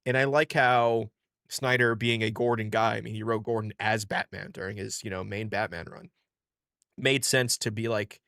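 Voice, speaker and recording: A man's voice: on the low side, normal speed, creaky, a bit bright, no echo, studio quality. A man co-hosting a comics podcast, rambling in a laid-back way and swearing freely. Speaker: podcast co-host. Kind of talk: casual comics podcast chat.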